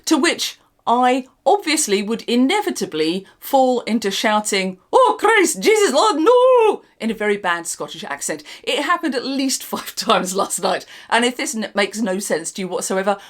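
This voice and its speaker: A woman's voice: mid-range voice, expressive, normal speed. Wry, rambling older woman. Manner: rambling, dry and sarcastic. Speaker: channel host reviewing products. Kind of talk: unscripted casual review.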